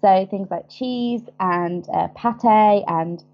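A woman in her thirties with a southern English accent, chatting as an interview guest and often pausing with ums. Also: medium pitch, dull audio. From England. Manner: chatty, hesitant with many ums. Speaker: guest, business founder. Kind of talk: casual interview.

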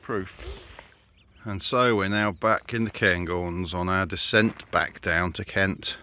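A man's voice: deep voice, steady tone, slow pace, bright, forceful tone. A man narrating a campervan travel vlog in a casual, wry, understated way. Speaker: vlogger. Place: campervan trip outdoors.

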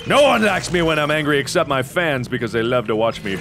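A young man in his twenties doing loud, excitable gaming commentary, swearing and yelling at enemies. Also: medium pitch, fairly quick, hardly any pauses, music in the background. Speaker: let's play host.

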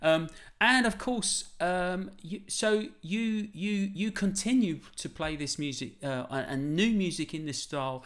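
A man's voice: high-pitched, unhurried, few pauses, a bit bright. Chatty man hosting a live stream. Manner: chatty with many fillers, addresses the viewers. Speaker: host. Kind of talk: casual live-streamed interview.

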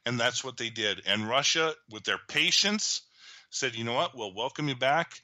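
Bright-voiced man telling current events animatedly. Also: medium pitch, normal speed, dry recording. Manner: animated storytelling, acts out quoted leaders, many restarts. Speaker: guest commentator. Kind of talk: radio talk commentary.

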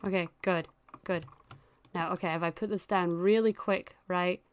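Excitable young woman narrating her gameplay. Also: fairly low pitch, moderate pace, clean tone, no room sound. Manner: chatty and excitable, with frequent squeals and laughter. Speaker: gaming YouTuber. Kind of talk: casual gameplay commentary.

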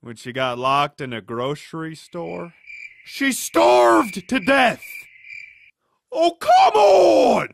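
Gravelly, slow, lively joke narrator. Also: mid-range voice, a little hiss or hum. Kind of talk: animated comedy joke reading.

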